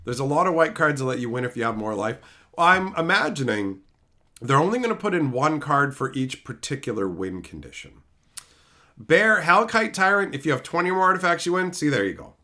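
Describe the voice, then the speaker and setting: A man's voice: a little high, a little fast. A man hosting a live stream, reading viewers' names and chatting casually, swearing freely. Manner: animated, reads chat names aloud, swears freely.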